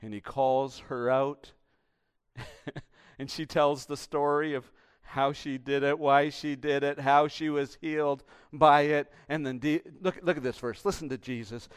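A male pastor preaches with a smooth, clear voice that is fairly high for a man. His delivery is animated, and it swings between emphatic bursts and hushed, intimate appeals. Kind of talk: sermon.

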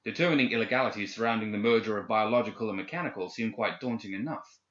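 A man reading a story aloud in steady, measured audiobook narration. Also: on the low side. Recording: echoey, slightly dull recording.

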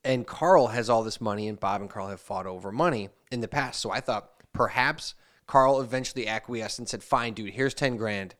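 Smooth-voiced man telling a rambling story. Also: fairly low pitch, moderate pace, a bit bright. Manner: rambling anecdotal storyteller, acts out quoted messages. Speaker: podcast host. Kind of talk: casual storytelling chat.

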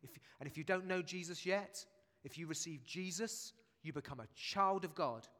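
A man's voice: fairly high pitch, moderate pace, fairly bright tone. A man preaching a sermon in a church, chatty and jokey, with asides to the congregation. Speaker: pastor. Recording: long church reverb.

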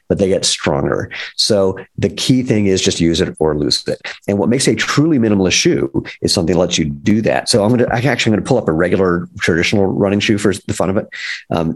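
Brief: deep-voiced man with a husky edge, founder-type guest, upbeat and wry. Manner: enthusiastic, wry asides. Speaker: footwear company founder as guest. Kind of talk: energetic explanatory talk.

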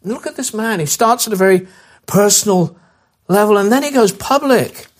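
Man, pastor preaching a sermon, slightly high voice, husky, earnest, repetitive urging, softer prayer tone. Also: lively intonation. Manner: earnest, repeats phrases and restarts, urges listeners directly; drops to a soft, slow voice to lead prayer.

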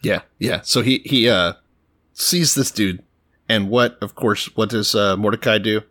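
A man co-hosting a casual comedic podcast, retelling a story with animated voiced asides and swearing. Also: lowish voice, measured pace, no echo.

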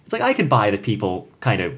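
Man, lowish voice, casual book talk, rambling, lots of fillers. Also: wildly swooping pitch, fast talker, a bit bright, husky. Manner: rambling, fills with "like" and "you know". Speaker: podcast co-host discussing a book.

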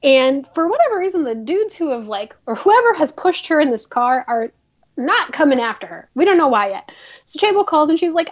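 A woman's voice: high-pitched, big pitch swings, a little fast, muffled recording. A woman co-hosting a casual chat, recapping episodes with chatty, playful asides. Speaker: podcast co-host.

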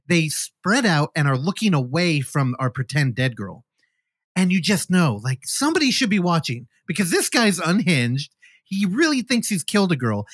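A man hosting a casual movie podcast, retelling a film plot with profanity and quick acted-out lines. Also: a little high, husky, no echo, clean studio sound. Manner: animated, profane, acts out movie scenes. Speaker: podcast host. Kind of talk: casual movie review chat.

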